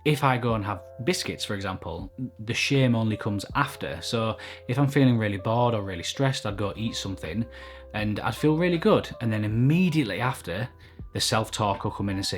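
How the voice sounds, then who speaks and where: A man's voice: lowish voice, expressive, fairly quick, faint music behind. A man talking openly and reflectively to camera in a personal vlog, recorded indoors at home. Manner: open, reflective, self-critical. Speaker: vlogger. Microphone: camera mic at desk.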